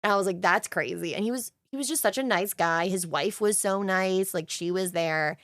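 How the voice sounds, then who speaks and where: A woman's voice: mid-range voice, normal speed, fairly bright tone, no room sound. A young adult woman co-hosting a podcast, telling a story in casual chat with gushing, emotional enthusiasm. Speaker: podcast co-host.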